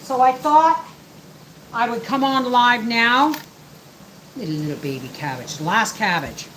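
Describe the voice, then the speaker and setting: With an expressive, slightly high and a bit bright voice, this middle-aged woman hosts her homestead live stream a little slowly, rambling as she works and replies to viewers. The low-quality recording has a little hiss or hum.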